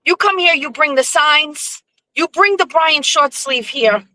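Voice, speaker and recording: A woman doing a blunt, pushy older Portuguese man with a thick Portuguese accent. He barks short, clipped orders in a voice pitched well above her own, bright and sharp-edged. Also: lively intonation, measured pace, no echo, exaggerated voice, low-quality recording. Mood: insistent. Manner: blunt, clipped broken phrases.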